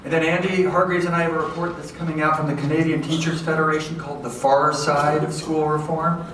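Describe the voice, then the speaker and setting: Guy lecturing teachers in a big hall, kinda high voice, lots of echo, sounds far from the mic, keeps saying okay and right. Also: fast talker. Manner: lively, conversational, keeps checking in with "okay?" and "right?". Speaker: education professor giving a talk. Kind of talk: public lecture to educators. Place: large hall with an audience. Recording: echoey hall from far off, faint noise.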